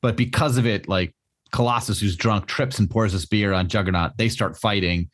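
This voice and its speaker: A podcast co-host with a fairly low voice, speaking at normal speed, rambles casually about comics, dropping plenty of fillers and laughing often.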